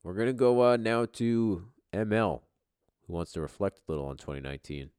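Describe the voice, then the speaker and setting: A man with a very low voice hosting a podcast, bantering in a loose, profane way. His pitch swings widely as he gets excited and shouts. The sound is dry and close, with no room around it. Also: a little fast, clear, resonant tone, no echo. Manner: excitable, swearing, jumps in volume. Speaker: podcast host.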